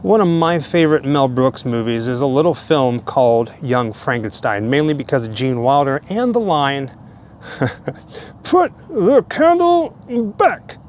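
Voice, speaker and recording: A man tells stories about the graves he visits in a relaxed, chatty voice, tossing in easy asides as he goes. He is recorded outdoors in a cemetery, with a light hiss in the background. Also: mid-range voice, moderate pace, hardly any pauses. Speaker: vlogger, host. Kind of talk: casual narration at graves.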